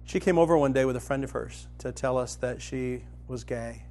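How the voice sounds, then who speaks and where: A middle-aged man preaching a sermon, telling a personal story and retelling a parable, rising to loud excitement in the vivid parts and dropping soft in the tender ones. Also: normal speed. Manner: storytelling, grows animated and loud when dramatizing, soft and low when tender.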